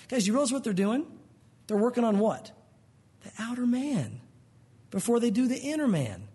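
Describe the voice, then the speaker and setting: A man's voice: very high-pitched, very animated, moderate pace, long pauses, mellow, slightly rough. A man preaching a conversational sermon as pastor, acting out quoted voices as he goes.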